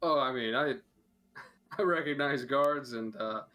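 A man's voice: medium pitch, a little slow, sharp tone. A man voicing an evasive male merchant in a tabletop game, hesitant and full of rambling excuses.

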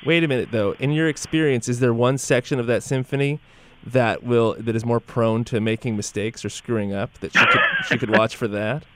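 A man's voice: mid-range voice, fairly even intonation, fairly quick, a bit bright. A man hosting a radio talk show, playful and teasing with his guests. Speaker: radio host. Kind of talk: casual radio chat.

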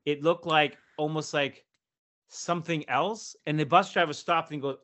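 A man in his fifties telling a long story in casual podcast chat, animated and profane, acting out the people in it. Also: a little high, moderate pace. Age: 50s. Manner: animated, profane, acts out voices in his stories. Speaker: podcast co-host.

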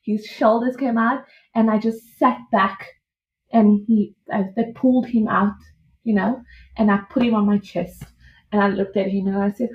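A young woman casually telling her own birth story, animated and laughing as she acts out what she said back then. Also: on the high side, normal speed. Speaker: podcast guest. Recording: dull lo-fi audio.

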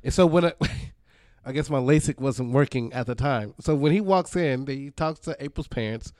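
A man's voice: medium pitch, normal speed, darkish tone, no room sound, clean studio sound. A man co-hosting a podcast, retelling a TV episode in a rambling, laughing way. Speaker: podcast co-host. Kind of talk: casual recap chat.

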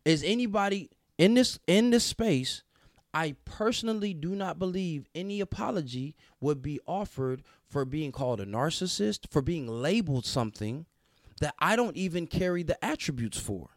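A man co-hosting a casual podcast, earnest and deliberate, often restarting his sentences as he works through a point. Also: fairly high pitch, animated, no room sound, studio quality. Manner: earnest, restarts often, slow and emphatic at times. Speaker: podcast co-host.

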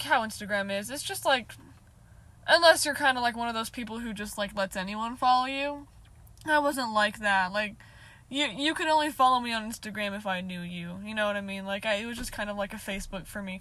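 With a bright, forceful, medium-pitched voice, a young woman in her twenties vlogs a casual storytime for her viewers. It's chatty and loose, heavy on the filler "like," with frequent swearing and laughter.

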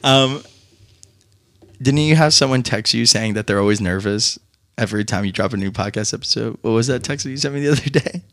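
A man's voice: on the low side, quick pace, a bit bright, no room sound. A young man co-hosting a podcast, teasing his co-host and laughing in casual chat. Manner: teasing, laughing, calls her girl.

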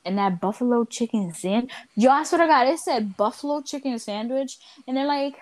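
Woman, casual podcast chat, profane animated storytelling, fairly high voice, dry close sound. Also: normal speed, hardly any pauses, no echo. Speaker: podcast co-host.

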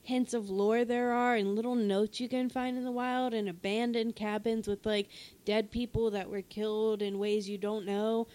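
A young woman co-hosting a casual chat, animated, laughing often and swearing casually. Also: on the high side, normal speed. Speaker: podcast co-host. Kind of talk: casual chat about a video game.

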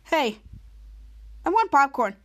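A woman's voice: high voice, very animated, slow, full character voice. A woman voicing a vain, goofy adult male superhero who admires himself offhandedly.

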